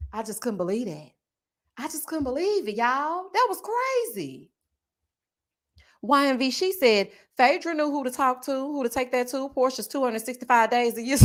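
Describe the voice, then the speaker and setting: Animated, sassy woman with a lilt. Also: mid-range voice. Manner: animated, sassy, frequent "honey" and "child" asides, laughs often. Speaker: YouTube reality TV commentator. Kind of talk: casual live-stream chat reading comments.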